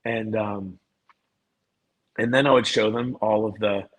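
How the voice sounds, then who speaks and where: A man as a podcast guest, telling a story in a casual, animated way and often repeating and restarting words. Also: lowish voice, a little slow, rough recording.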